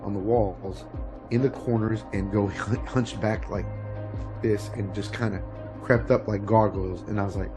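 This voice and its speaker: A man hosting a casual podcast, talking in a relaxed, halting way with frequent restarts. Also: fairly low pitch, music in the background. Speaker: podcast host.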